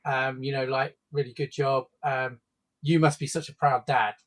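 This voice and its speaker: A man's voice: medium pitch, flat delivery, normal speed, fairly bright tone, poor audio. A man co-hosting a live stream in casual chat, rambling with many fillers and restarts. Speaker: stream co-host.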